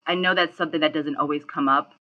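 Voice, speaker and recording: A woman guest in an interview, giving advice in a measured, emphatic way. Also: low-pitched, fairly even intonation, dull audio. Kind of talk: interview answers.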